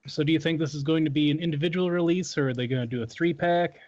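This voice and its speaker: A man's voice: on the high side, fairly even intonation, quick pace, darkish tone. Guy hosting a podcast, leads the topics, umms a bit, dull lo-fi sound. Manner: moderating, leading topics with fillers. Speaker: podcast host. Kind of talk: casual chat.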